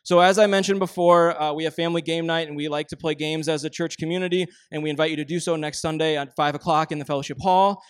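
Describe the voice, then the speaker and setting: A man's voice: a little high, steady tone, fast, hardly any pauses, clear, resonant tone, no room sound, clean studio sound. A man, preaching a sermon that mixes scripture reading with conversational, plainspoken talk. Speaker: pastor.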